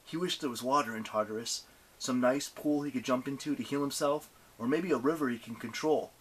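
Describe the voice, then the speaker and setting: A man reading a novel aloud as an audiobook narrator, with animated, expressive delivery. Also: mid-range voice, brisk, husky.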